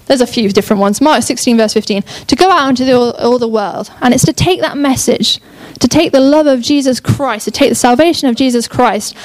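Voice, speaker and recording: A young woman preaching a sermon in an enthusiastic, chatty way, often breaking off and restarting her thoughts. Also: on the high side. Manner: enthusiastic, chatty, self-interrupting.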